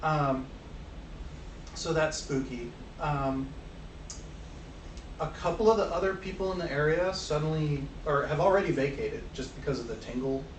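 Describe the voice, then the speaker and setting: Man, game master, tabletop game narration, slightly high voice, hesitant, roomy echo. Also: normal speed, long pauses. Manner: rambling, hesitant, lots of fillers. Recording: roomy, distant mic with faint noise.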